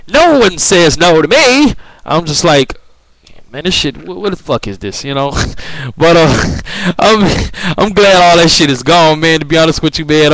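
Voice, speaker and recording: Young male vlogger, slightly high voice, dry close sound; rambling, profane, filler-heavy delivery. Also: a bit bright, smooth, dry recording, poor audio. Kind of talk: casual opinion rant.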